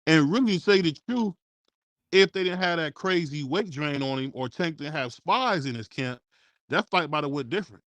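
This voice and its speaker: A man's voice: a little high, normal speed, dry recording. Laid-back man talking boxing, dry sound. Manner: relaxed, conversational, drawls "man" often. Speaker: sports talk host. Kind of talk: casual sports chat.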